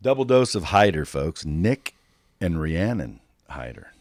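A brash male podcast host with a very low voice, recorded close and dry in the studio. He jokes and swears freely as he banters with his guests, loose and confident. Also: very animated, unhurried, a little mellow, no room sound. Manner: brash, profane, jokey. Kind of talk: casual interview banter. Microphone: studio microphone.

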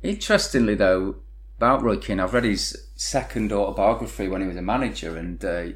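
A man co-hosting a casual chat, measured and reflective, laughing easily. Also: fairly low pitch, expressive. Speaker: podcast co-host.

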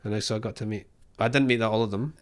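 A man's voice: fairly low pitch, fast. A man from Scotland, co-hosting a podcast in casual chat, rambling and self-deprecating, laughing often and swearing. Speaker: podcast co-host.

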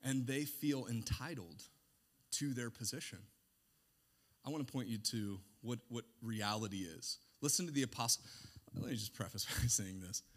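A man preaching a sermon, animated and sarcastic, swinging between hushed asides and shouted points. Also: medium pitch.

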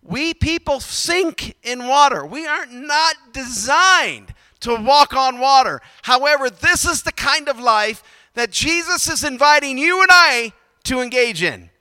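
A man preaching a sermon, swinging from loud emphatic bursts to quiet low asides. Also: expressive, unhurried, dry recording, big-room sound. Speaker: pastor.

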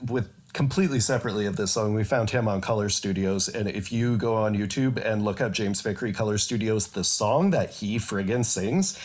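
A man co-hosting a music podcast, chatting casually in a teasing, supportive, relaxed way. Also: fairly low pitch, brisk, hardly any pauses. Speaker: podcast co-host.

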